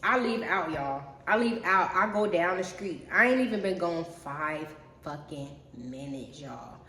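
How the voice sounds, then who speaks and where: A woman's voice: fairly low pitch, expressive, a little slow, bright, forceful tone. Chatty young woman telling a storytime. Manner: chatty, profane, keeps addressing viewers as y'all. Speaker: storyteller vlogger. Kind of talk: casual storytime monologue. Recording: roomy echo.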